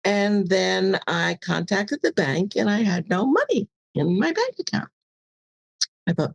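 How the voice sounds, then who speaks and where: A woman's voice: medium pitch, very animated, measured pace, creaky, husky. An older woman, a podcast guest, telling a personal story in a casual interview and acting out the dialogue animatedly.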